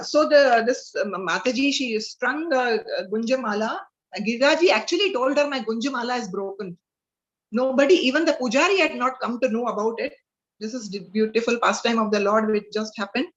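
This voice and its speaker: A woman's voice: fairly high pitch, normal speed. A woman with an Indian accent telling devotional stories in an earnest way, mixing in Hindi, speaking over a video call. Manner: earnest, mixes in Hindi, frequent fillers. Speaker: spiritual class speaker. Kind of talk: devotional storytelling talk. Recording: dull lo-fi video call audio.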